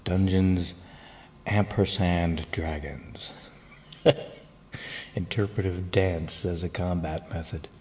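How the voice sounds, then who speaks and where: A man's voice: sits low, fairly even intonation, slow pace, pauses often, darkish tone, slight background noise. Congested man hosting a podcast. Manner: jokey, rambling asides. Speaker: podcast host. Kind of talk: casual chat.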